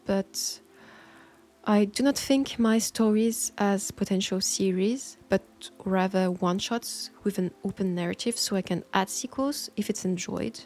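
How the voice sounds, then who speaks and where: A woman with a French accent, an audio roleplay creator answering listener questions in a thoughtful, soft-spoken way with hesitant pauses. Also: medium pitch. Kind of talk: Q&A talk.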